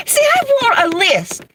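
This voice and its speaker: Chatting casually on a livestream, a middle-aged woman shares stories about home life and greets viewers by name between bouts of laughter. Her voice is very high, and there is heavy background noise.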